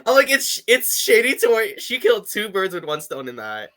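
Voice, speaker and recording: A man's voice: high voice, wildly swooping pitch, normal speed, sharp tone. A man co-hosting a podcast, chatting casually with lots of fillers and laughter. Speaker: podcast co-host. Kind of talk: casual chat.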